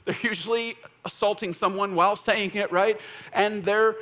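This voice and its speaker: A male pastor preaching a conversational sermon, joking and checking in with the crowd, jumping between animated bursts and quiet, low emphasis. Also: normal speed. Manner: casual, joking, keeps checking in with "right?".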